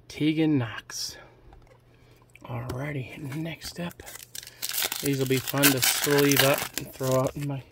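A middle-aged man giving casual, joking running commentary while opening trading card packs. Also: mid-range voice. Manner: chatty, offhand running commentary with jokes. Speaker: card collecting YouTuber.

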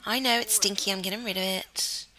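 Young cornish girl doing a lets play, bright voice, chatty, eggs her sim on, little whispers here and there. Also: medium pitch, fairly even intonation, a little fast. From Cornwall, England. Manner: chatty, coaxing her character, bursts of giggles, trails off into whispers. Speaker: gameplay YouTuber. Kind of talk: casual let's-play commentary.

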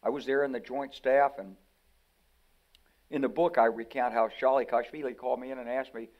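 A man's voice: mid-range voice, a little fast, highs cut off. An older man from the United States, a retired general, telling stories animatedly as a guest in a conversational interview. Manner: animated storyteller who acts out quoted voices.

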